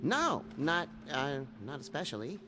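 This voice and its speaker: A man's voice: fairly high pitch, very animated, measured pace, noisy background. An actor playing a tiny, nervous male flying monkey assistant who sounds fretful and defensive.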